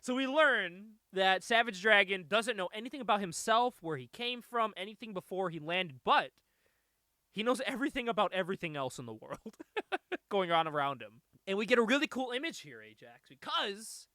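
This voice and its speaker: A man with a high, bright, sharp voice hosts a casual comic book chat. His pitch swoops up and down constantly as he talks. He laughs often and swears freely. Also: sing-song, moderate pace, no room sound. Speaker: podcast host.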